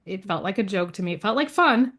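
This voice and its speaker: A woman guest on an interview podcast, telling a personal story in a lively way and acting out the other people's words. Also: mid-range voice, fast talker. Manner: lively storyteller who acts out quoted dialogue; frequent fillers and restarts, laughs between lines.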